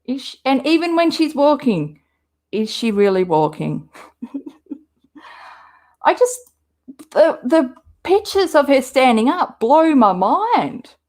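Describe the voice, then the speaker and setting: A woman's voice: high-pitched, very animated, slow, long pauses, darkish tone. An Australian woman hosting a livestream, chatting casually and rambling as she answers viewers' comments. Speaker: livestream host. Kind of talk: casual chat with live viewers.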